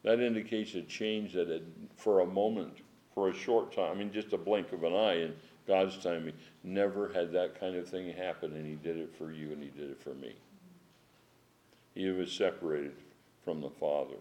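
A man's voice: low voice, normal speed. Emphatic man teaching scripture at home. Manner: animated, emphatic, chuckling asides. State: strained voice. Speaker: Bible teacher. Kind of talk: informal Bible study sermon. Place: at home with dogs.

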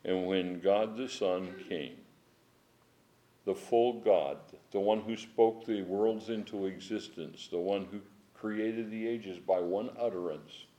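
A middle-aged man teaching an informal Bible study from home, emphatic and animated, with a strained voice and chuckling asides. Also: lowish voice, slow pace. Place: at home with dogs.

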